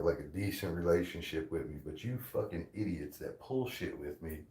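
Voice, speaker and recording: A man with a very low voice rants in a furious, profane tirade. He is insulting and aggressive and hammers the same points again and again. His voice rings in an echoey room. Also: darkish tone. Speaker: streamer ranting at a commenter. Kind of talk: angry profane rant.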